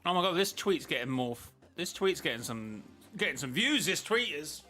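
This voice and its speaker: A man's voice: on the high side, very animated, normal speed, pushed and bright, soft background music. A man streaming a game, chatting casually with his viewers in a rambling, self-interrupting way. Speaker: gaming streamer.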